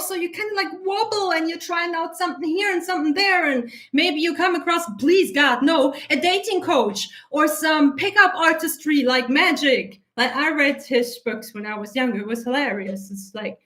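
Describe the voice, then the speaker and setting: A woman coach talking in a blunt, animated, heavily profane way, her eyes teary from an allergy. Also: high-pitched, normal speed, few pauses. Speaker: self-concept coach. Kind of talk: casual spoken monologue.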